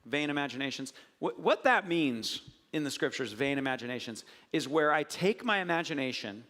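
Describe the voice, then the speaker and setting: A middle-aged man preaching a conversational sermon as a pastor, animated and joking as he tells stories with acted asides. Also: mid-range voice. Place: church sanctuary. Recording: church hall reverb.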